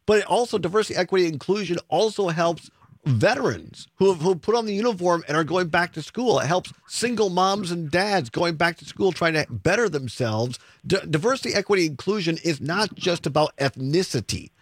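A man hosting a call-in radio talk show, agreeing with callers in a brisk way. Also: high-pitched, expressive, dry recording. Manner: agreeable, quick affirming interjections.

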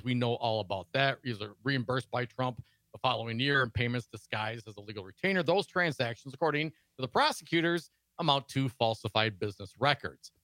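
A man's voice: medium pitch, a bit bright, no room sound. A man co-hosting a political talk show, reading news stories aloud and adding sarcastic asides.

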